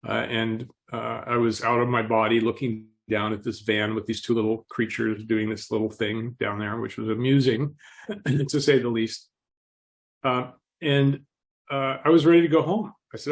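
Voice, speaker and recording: A man speaks as a podcast interview guest, telling his story calmly and reflectively. He clears his throat often and sounds gently amused at himself. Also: mid-range voice, moderate pace.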